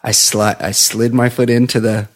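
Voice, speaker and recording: A man co-hosting a podcast, telling a long rambling story in casual chat and dropping into a low flat voice to mimic others. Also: normal speed. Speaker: podcast co-host.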